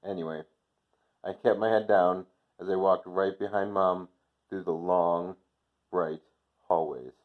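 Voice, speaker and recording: A male teacher reading a storybook chapter aloud to his class, gentle and unhurried, with softly voiced dialogue. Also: sits low, fairly even intonation. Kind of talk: read-aloud storybook narration. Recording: dull lo-fi recording.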